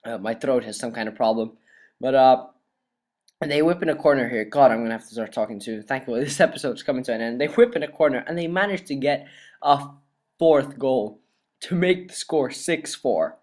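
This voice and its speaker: Young guy commentating his soccer game, hoarse cracky voice, laughs a lot, swears when excited. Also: mid-range voice, a little fast. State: dry, cracking voice. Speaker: gaming YouTuber. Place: cold room at home.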